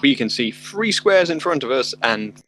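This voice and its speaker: A man's voice: medium pitch, sing-song, moderate pace, fairly bright tone. A man playing a tabletop game, joking and chatting with the group. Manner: joking, laughs often. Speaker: player.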